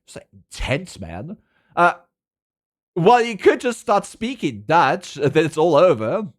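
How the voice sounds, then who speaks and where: Giggly South African man, lively voice. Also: a little high, unhurried. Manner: chatty and giggly, laughs often, playful. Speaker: streamer. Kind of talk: casual chat with a live stream audience.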